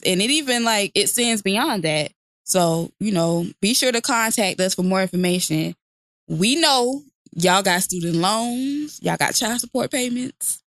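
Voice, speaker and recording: A woman's voice: medium pitch, fairly bright tone, dry recording, clean studio sound. A woman co-hosting a casual podcast, talking bluntly and profanely and laughing often. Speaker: podcast co-host.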